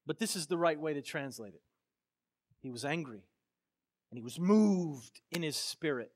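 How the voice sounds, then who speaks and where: A male pastor from Florida preaching a sermon with passion, swinging from quiet, low phrases to loud outbursts, then telling a personal story casually with many fillers. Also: lively intonation, normal speed.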